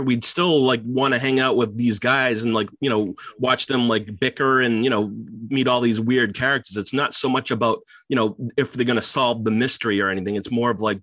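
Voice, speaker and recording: A man's voice: mid-range voice, fairly bright tone, dry recording. A man co-hosting a casual chat, rambling with many fillers and restarts. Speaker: podcast co-host.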